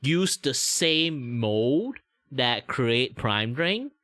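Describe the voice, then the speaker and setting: A man's voice: medium pitch, very animated, drawn-out words, bright, forceful tone, no room sound, clean studio sound. A man with a Malaysian accent chatting casually on a stream, laughing often, swearing and restarting his sentences. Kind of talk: casual reaction stream chat.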